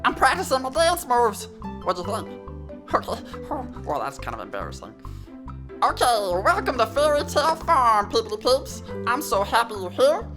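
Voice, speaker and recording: A woman's voice: a little high, very animated, moderate pace, music in the background. A woman voicing a goofy talking sheep who hosts a children's story show, reading a fairy tale with playful, sassy asides to the listener. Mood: chatty. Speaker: storyteller host.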